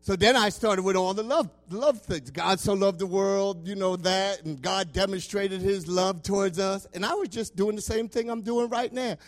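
High-voiced passionate man preaching. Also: normal speed, hardly any pauses. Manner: passionate, swinging between loud preaching and soft asides. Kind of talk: sermon.

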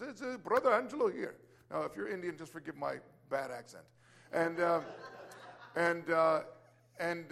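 A male preacher telling a testimony as a sermon, animated, with repeated starts and exclamations of praise. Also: fairly high pitch.

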